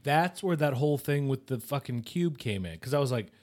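A man's voice: medium pitch, animated, fairly quick, a little mellow. A man co-hosting a podcast, casually recapping an episode and acting out quotes, with casual swearing. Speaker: podcast co-host.

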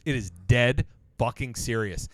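A man in casual podcast chat, retelling a show's plot with lots of swearing and excited jumps in his voice. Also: a little slow, a little hiss or hum. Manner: animated storyteller, swears a lot, jumps high when excited. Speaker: podcast co-host.

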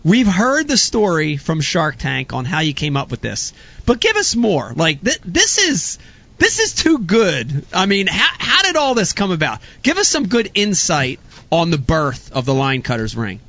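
An excitable man hosts a live show, his voice high and bright. It swings up and down as he gets fired up. The sound is a little dull and lo-fi. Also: normal speed. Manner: energetic, excitable, hyped. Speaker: show host. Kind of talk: casual live show chat.

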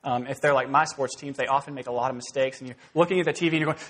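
A man preaching an expository sermon in a conversational, animated way, rising into emphatic bursts. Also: mid-range voice, racing, few pauses. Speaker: pastor.

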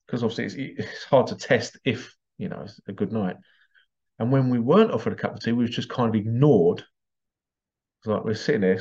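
A man's voice: medium pitch, gravelly, darkish tone, highs cut off. A man hosting a show and telling anecdotes in a chatty way, often breaking into laughter. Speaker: host. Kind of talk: casual anecdotal storytelling.

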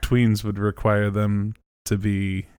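A man's voice: on the low side, monotone, takes it slowly, darkish tone, clean tone, no echo, studio quality. A man co-hosting a podcast, trading wry, teasing banter while recapping a TV episode. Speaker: podcast co-host. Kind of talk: casual TV episode recap chat.

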